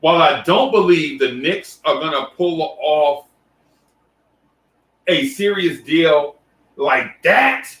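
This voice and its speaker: A man hosts a casual live stream, greeting viewers one by one and talking loosely with restarts. His voice is bright and forceful. He sits away from the mic in an echoey room. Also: on the high side, slow pace, long pauses, recorded from a distance. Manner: loose, repetitive shout-outs with restarts and fillers. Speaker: livestream host.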